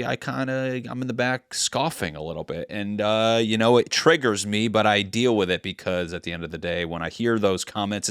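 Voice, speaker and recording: A man's voice: medium pitch, fairly bright tone, clean tone, no room sound, clean studio sound. A man in his thirties hosting a comedy podcast, ranting in a rambling, heated way with many restarts. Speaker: podcast host.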